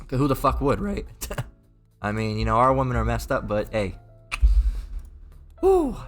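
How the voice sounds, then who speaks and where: A man's voice: mid-range voice, steady tone, fairly quick, fairly bright tone, soft background music. A man preaching in a profane, rambling rant, mocking and crude, with many repeats and stumbling restarts.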